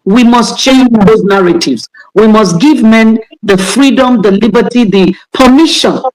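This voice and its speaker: A woman's voice: fairly high pitch, measured pace, darkish tone, rough recording. A Nigerian woman pastor teaching in an interview, repeating key words for emphasis. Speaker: pastor and guest speaker.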